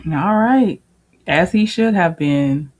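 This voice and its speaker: Woman host, lower voice, relaxed reaction commentary with chuckles. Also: takes it slowly. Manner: laid-back, chuckling asides.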